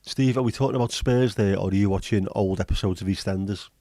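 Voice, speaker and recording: A man's voice: on the low side, fast, warm tone, no room sound. A man hosting a livestream, chatting casually, joking and swearing as he reads viewer comments. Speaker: livestream host.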